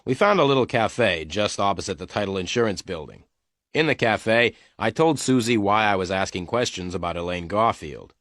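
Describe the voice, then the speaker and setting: A man giving slow, clear scripted narration of a detective story for English learners. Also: fairly low pitch, animated, a bit bright, no room sound, studio quality.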